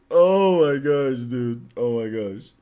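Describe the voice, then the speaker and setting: A man hosting a casual livestream chat, telling animated stories and laughing often. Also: mid-range voice, smooth. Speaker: host. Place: indoors under studio lights. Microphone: on camera.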